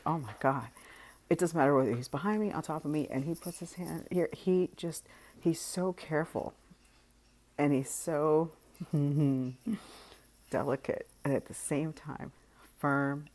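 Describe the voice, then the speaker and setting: A vlogger with a notably deep, low-pitched, darkish voice addresses her viewers directly in a casual monologue. She's frank and unhurried, laughing often and letting her sentences trail off.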